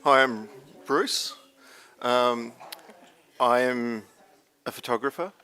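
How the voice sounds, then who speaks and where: A man's voice: mid-range voice, steady tone, takes it slowly, pushed and bright, a little hiss or hum. A man, a photography judge, introducing himself and critiquing a print with dry, easygoing humor. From Tasmania, Australia. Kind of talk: casual self-introduction and critique. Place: judging room.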